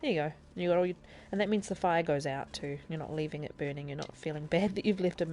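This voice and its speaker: A woman's voice: deep voice, quick pace, noisy background. A woman streaming a video game live, chattily explaining the controls and thinking aloud as she plays. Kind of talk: casual live-stream gameplay tutorial.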